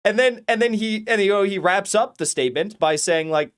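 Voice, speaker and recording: Brief: male channel host, somewhat high-pitched, rambling and heated, profane, casual rant. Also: fairly quick, a bit bright, smooth. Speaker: political commentary channel host. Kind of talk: casual ranting commentary.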